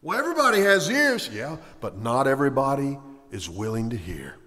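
A male preacher giving a sermon, swinging between loud, emphatic lines and hushed, slow ones. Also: medium pitch, sing-song, long reverb tail.

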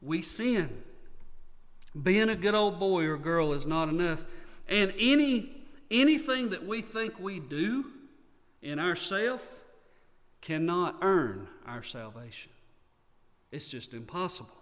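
A man's voice: high-pitched, animated, slow, long pauses, a bit bright, in a large hall. A man from North Carolina with a Southern accent, preaching a sermon earnestly and repeating key points for emphasis. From North Carolina, USA. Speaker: pastor.

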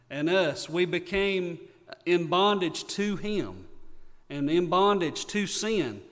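A man's voice: high voice, fairly bright tone, in a large hall. A man from North Carolina with a Southern accent, preaching a sermon earnestly and repeating key points for emphasis. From North Carolina, USA. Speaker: pastor.

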